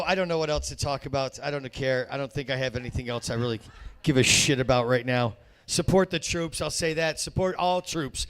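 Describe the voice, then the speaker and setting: A man's voice: mid-range voice, fairly quick, fairly bright tone. A man hosting a stand-up comedy show, rambling and cracking wise, often cutting himself off mid-sentence. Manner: rambling, self-interrupting wisecracks. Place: comedy club stage.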